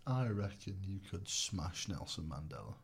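A man co-hosting a comedy podcast in casual chat, swearing often and jumping between quiet asides and loud bursts. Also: low voice, sing-song, moderate pace. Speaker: podcast co-host.

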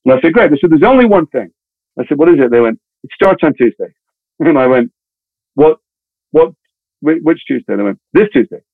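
A man's voice: mid-range voice, gravelly, no echo. A man, an actor, telling a long showbiz anecdote in casual interview chat and acting out the other voices in his story. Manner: fast, animated storytelling with voiced quotes. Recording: tinny phone-like audio.

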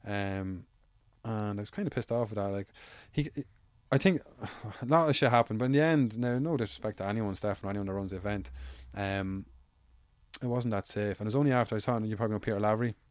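An Irishman who fights amateur MMA tells stories in a casual, rambling way, swearing freely. His voice is fairly low and darkish, his pace quick, and there's no echo.

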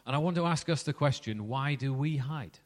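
A man's voice: mid-range voice, fairly quick, big-room sound. A middle-aged man preaching a sermon in a conversational way, asking reflective questions.

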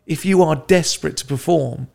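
A man's voice: on the high side, a little fast, vocal fry, a little mellow. A middle-aged man, a comedian guest, chatting casually with wry banter. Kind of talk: casual chat.

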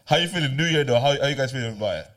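A man hosting a casual podcast chat, animated and laughing often. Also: mid-range voice, rapid-fire. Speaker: podcast host.

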